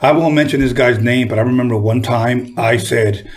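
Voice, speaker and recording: A man's voice: mid-range voice, normal speed. A man hosting a casual interview who talks in a blunt, profane, chatty way. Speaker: interview host. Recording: voice set back from the mic.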